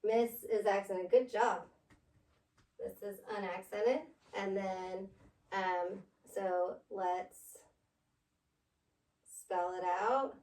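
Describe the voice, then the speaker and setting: A woman's voice: mid-range voice, fairly even intonation, drawn-out words, long pauses, darkish tone, far from the mic. A woman tutoring a pupil in phonics, patiently spelling words out letter by letter. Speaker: reading tutor. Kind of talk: one-on-one phonics lesson. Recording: echoey room, voice off-mic.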